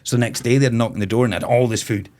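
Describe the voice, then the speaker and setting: A man's voice: medium pitch, steady tone, quick pace, a little mellow. A man of around forty from Moray in Scotland, a festival owner telling stories as a guest in a casual podcast chat. He rambles, swears freely and laughs often.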